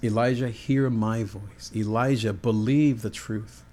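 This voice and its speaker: A man's voice: fairly low pitch, steady tone, darkish tone, close to an everyday voice. A man giving God's solemn voice. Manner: slow, solemn commands. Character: solemn commanding voice of God.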